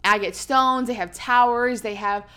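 A woman's voice: fairly high pitch, measured pace, pushed and bright, clear, resonant tone. A woman co-hosting a casual chat, chatty and emphatic, swearing and using lots of fillers.

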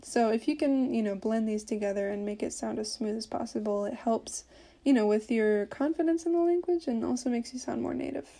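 A woman's voice: fairly high pitch, brisk, vocal fry, dark tone. A woman hosting a podcast, giving a casual Portuguese lesson with lots of fillers as she explains. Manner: chatty, explains with many fillers. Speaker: podcast host teaching Portuguese.

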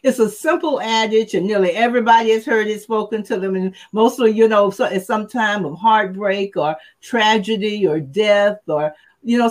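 An older woman co-hosting a relaxed podcast chat. She speaks earnestly and leans hard on key phrases, drawing them out. Her voice sits at an ordinary pitch for a woman. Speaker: podcast co-host. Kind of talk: casual chat.

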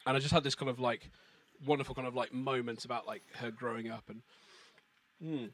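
A man's voice: medium pitch, steady tone, a bit bright, dry recording. A man in his thirties, a beatboxer and English teacher, chatting casually on a podcast in a hesitant way with many restarts. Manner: hesitant, many restarts, reads poetry slowly and measured.

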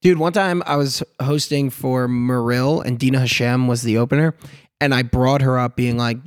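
Young male comic, casual podcast talk, animated and profane, dry close sound. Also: medium pitch, a little fast, clean tone, no echo. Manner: swears a lot, animated storytelling. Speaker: stand-up comic.

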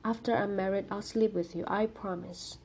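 A woman's voice: mid-range voice, fairly even intonation, normal speed, a little mellow, a little hiss or hum, natural voice. A woman voicing a frightened young woman student who is anxious and tearful, in a storybook reading. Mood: pleading.

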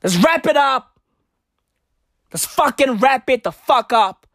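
An exasperated woman in a comic rant, profane and repetitive, bursting into shouts. Her voice sits high and swoops widely, and her delivery is slow and deliberate. The recording is dry and close. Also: expressive, noisy background. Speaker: ranting vlogger.

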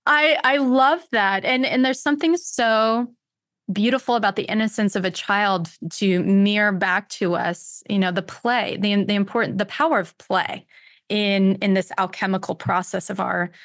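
A woman's voice: mid-range voice, fairly even intonation, normal speed, fairly bright tone, no echo, studio quality. A woman podcast host who is a therapist, speaking reflectively and searching for words in a casual interview.

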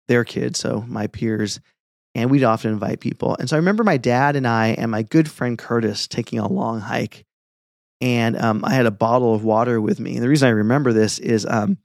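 A middle-aged man, a pastor, chatting and telling stories in an earnest, relaxed way. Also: mid-range voice, gravelly, no echo, studio quality. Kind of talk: casual podcast chat.

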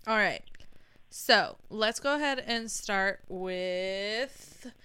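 Female host, casual chat, smooth and clear, relaxed pace, laughs a lot. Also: mid-range voice, very slow, dry recording. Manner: giggly, animated storyteller. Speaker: teacher.

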